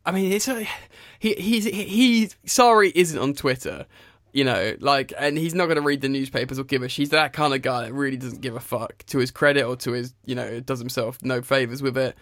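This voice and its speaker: A young man talking football with a friend, loose and chatty, dropping the odd swear word. His voice sits at a middling pitch. It is recorded close and dry, with no room sound. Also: brisk, fairly bright tone, no room sound. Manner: swears freely, chatty, laughs often. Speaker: podcast co-host. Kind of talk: casual football chat.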